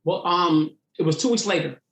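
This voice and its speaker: A man's voice: fairly high pitch, normal speed, reverberant. A man, a stand-up comedian, telling stories from his career in an interview, acting out the voices of people in them. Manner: animated storyteller acting out voices. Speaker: comedian guest. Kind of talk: storytelling interview.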